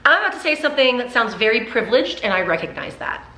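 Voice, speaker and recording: A young woman vlogger telling an animated, chatty story full of fillers in a sit-down video. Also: on the high side, fast, echoey room. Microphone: camera mic in sit-down video.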